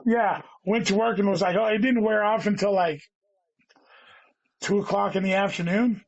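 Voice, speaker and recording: A man with a fairly high voice tells a meandering story in casual chat, cursing freely and saying "dude" constantly. The sound is dry and a bit dull, like a lo-fi recording. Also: steady tone, moderate pace, gravelly, no room sound. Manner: rambling, heavy swearing, says "dude" constantly. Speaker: guest comedian.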